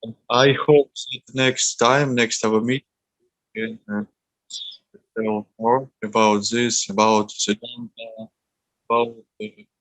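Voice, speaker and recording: A man's voice: fairly low pitch, a bit bright, dry recording, poor audio. A polite man on a video call, hesitantly wrapping up a session as moderator. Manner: halting, polite.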